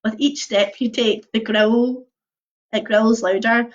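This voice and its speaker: A young woman reading a choose-your-own-adventure book aloud on a livestream, mixing lively narration with casual chatty asides. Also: a little high, takes it slowly. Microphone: computer or phone mic on a video stream. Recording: dull lo-fi livestream audio.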